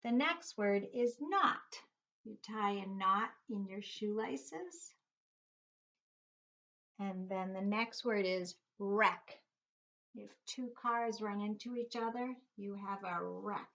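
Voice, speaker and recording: A middle-aged woman teaches young children a phonics lesson, speaking very slowly and sounding each letter out one at a time. She keeps her pitch in an ordinary middle range. The recording is dull and lo-fi. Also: fairly bright tone. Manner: slow, patient, spells out letters one by one.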